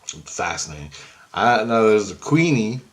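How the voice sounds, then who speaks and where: A man vlogging a casual, rambling story, excitedly quoting both sides of a conversation. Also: lowish voice, moderate pace. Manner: rambling, excitable, keeps quoting back and forth.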